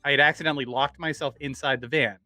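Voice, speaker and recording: A man's voice: mid-range voice, fairly even intonation, fast, bright, forceful tone, dry recording, soft background music. A man, a podcast guest, casually telling stories with many restarts and rambling asides.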